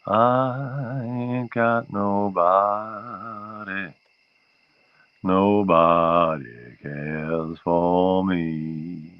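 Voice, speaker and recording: A man voicing his pet dog as a lonely, self-pitying creature in a slow, drawn-out moan, with a dull lo-fi sound. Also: sits low, dry recording. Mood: mournful.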